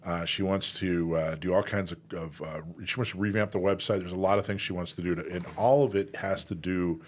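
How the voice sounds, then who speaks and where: Deep-voiced joking male host. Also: steady tone, a little fast. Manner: joking, rambling, with fillers. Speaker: podcast host. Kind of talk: casual podcast conversation.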